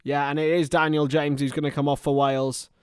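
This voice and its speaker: A man's voice: on the high side, flat delivery, a little fast, clean tone, no echo, studio quality. Chatty young man calling a match. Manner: chatty, rambling asides between play-by-play. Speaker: livestream football commentator. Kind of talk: casual watchalong match commentary.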